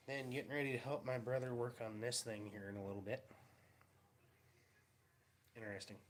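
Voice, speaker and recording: A man's voice: mid-range voice, little pitch movement, moderate pace, a little hiss or hum. A man chatting casually in a vlog, telling wry, rambling stories about his day. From Pacific Northwest of the US. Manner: rambling, wry storytelling with mocking voices. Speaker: vlogger.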